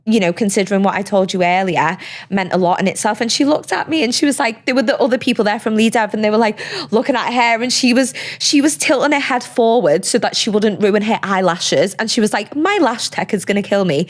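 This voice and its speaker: A young woman, a podcast guest talking casually and animatedly, with quick asides and lots of fillers. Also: mid-range voice. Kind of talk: casual conversational interview.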